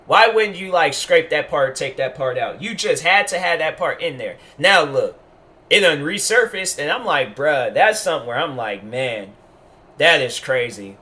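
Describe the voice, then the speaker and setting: A man's voice: on the high side, expressive, normal speed, bright, forceful tone. A man giving a casual commentary monologue as a YouTuber, rambling and emphatic, full of restarts.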